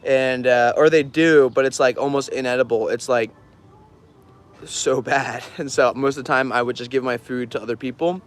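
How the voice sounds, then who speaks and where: A man's voice: mid-range voice, fairly even intonation, moderate pace. A man telling stories casually on a livestream, rambling with lots of fillers and frequent laughs. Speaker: artist streaming an auction.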